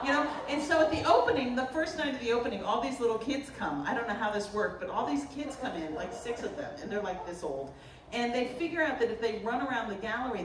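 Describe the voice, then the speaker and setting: A woman from the Boston area, a potter giving a humorous artist talk, telling stories in an animated, joking way. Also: a little high. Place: lecture room at a festival. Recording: roomy, distant mic, faint noise.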